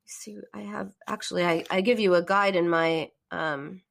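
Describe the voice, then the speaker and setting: Earnest middle-aged woman, therapist host, warm encouraging delivery. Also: lowish voice, fairly even intonation, moderate pace, gravelly, hardly any pauses. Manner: earnest and encouraging, acts out emotional phrases. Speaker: therapist hosting a call-in live stream. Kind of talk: casual live-stream advice talk.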